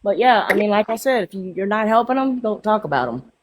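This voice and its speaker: A woman's voice: mid-range voice, expressive, fast. A woman on a live stream call, blunt and indignant, swearing as she vents. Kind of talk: heated casual chat.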